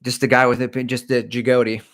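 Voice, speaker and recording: A man's voice: medium pitch, flat delivery, a little fast, fairly bright tone. A middle-aged man and running coach, hosting a casual livestream and rambling through opinions and asides. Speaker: running coach and channel host.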